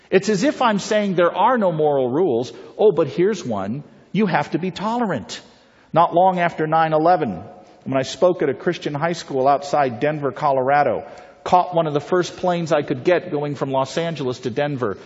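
Guy giving a talk, tells stories and asks the crowd questions, kinda high voice, long echo and dull lo-fi sound. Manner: rhetorical, storytelling, puts questions to the audience. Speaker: pro-life speaker. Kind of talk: persuasive public talk. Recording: reverberant, dull lo-fi hall recording.

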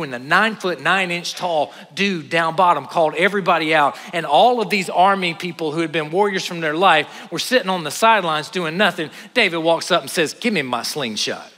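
Male preacher, bright and forceful, fairly high voice, dynamic loud-to-hushed delivery, echoing hall. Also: a little fast, hardly any pauses. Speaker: pastor. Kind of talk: sermon. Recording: long hall reverb.

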